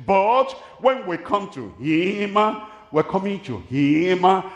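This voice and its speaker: A man with a Nigerian accent preaching a sermon at a large crusade, speaking slowly and deliberately, repeating his key phrases. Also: sits high, animated, dull audio. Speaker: pastor. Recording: echoey hall, voice from a distance.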